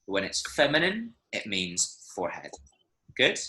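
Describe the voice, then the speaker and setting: A man's voice: fairly low pitch, wildly swooping pitch, a little slow, pushed and bright, slight background noise, poor audio. A man teaching an online Spanish class over a video call, patiently explaining and checking that students follow. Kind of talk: online language lesson. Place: online class, speaking from Medellín.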